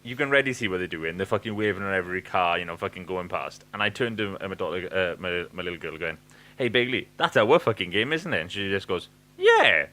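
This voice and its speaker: A deep-voiced man co-hosts a podcast, talking fast with few pauses in a bright, forceful tone. The conversation is casual and rambling, laced with swearing and fillers.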